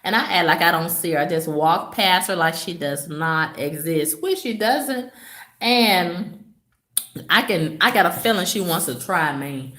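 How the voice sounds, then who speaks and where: A woman talks straight to her viewers in a relaxed vlog, spinning gossip with sass and sudden jumps in pitch. Her voice sits a little low and she takes her time. The room around her is echoey. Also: measured pace. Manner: sassy, gossipy storytelling with dramatic swoops in pitch. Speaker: vlogger. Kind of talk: casual vlog storytelling to viewers.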